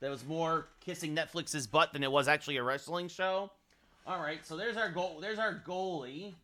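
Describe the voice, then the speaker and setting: A male streamer with a bright, forceful voice that sits slightly high for a man. He thinks aloud as he scrolls, breaks off into asides to his viewers, and talks into a desk microphone at home. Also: moderate pace. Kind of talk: live game-stream commentary.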